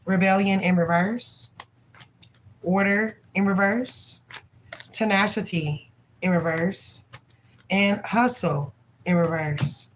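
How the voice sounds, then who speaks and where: A woman's voice: mid-range voice, takes it slowly, long pauses, a little hiss or hum, rough recording. A young woman giving a live tarot reading, reading card names aloud in a blunt, profane, chatty way. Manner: laughs often and voices the people in the cards. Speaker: tarot reader.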